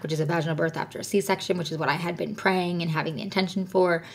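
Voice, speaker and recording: A woman's voice: lowish voice, steady tone, fast talker, husky. A woman, likely in her thirties, earnestly telling a personal story as a podcast guest, with frequent fillers. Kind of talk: personal story in casual conversation.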